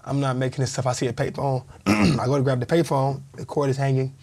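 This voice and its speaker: A man's voice: mid-range voice, quick pace, creaky. A man in his thirties, a former pro football player, telling a story in a casual interview and acting out the people in it. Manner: animated storyteller, acts out quoted voices.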